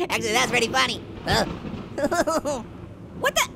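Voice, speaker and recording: A man's voice: extremely high pitch, vocal fry, background noise, heavily acted. A man voicing a wisecracking male talking orange as a cartoon character, chattering and punning between giggles while commenting on a game. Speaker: gaming channel host. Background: loud game music.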